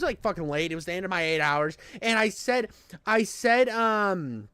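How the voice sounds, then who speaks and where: Male streamer, high and smooth, dry sound, rambling and profane. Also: lively intonation, fairly quick, sharp tone, no echo. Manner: rambling, profane, calls everyone dude. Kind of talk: casual live-stream chat.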